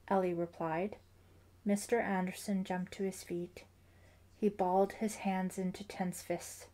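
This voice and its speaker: A woman narrating a suspense novel as an audiobook, in a measured, even storytelling manner. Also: lowish voice. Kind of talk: scripted narration.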